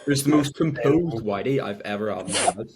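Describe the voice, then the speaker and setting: A man's voice: lowish voice, lively intonation, a little fast, very noisy. A man telling an upbeat anecdote in casual podcast chat. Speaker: podcast co-host.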